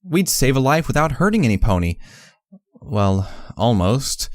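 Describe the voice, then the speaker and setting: A man narrating a fan fiction audiobook in the first person, measured and reflective. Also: medium pitch, sing-song, no echo, clean studio sound.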